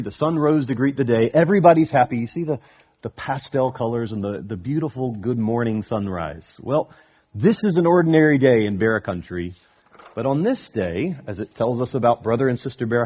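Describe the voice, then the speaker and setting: A man preaching a sermon as a pastor, telling a story in an animated way, with touches of humor. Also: medium pitch, husky.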